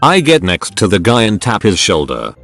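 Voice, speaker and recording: A low-voiced man reads online stories aloud to his viewers. His delivery is animated, and his pitch rises and falls freely through every sentence. Faint music plays softly underneath. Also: normal speed, gravelly. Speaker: narrator reading forum stories.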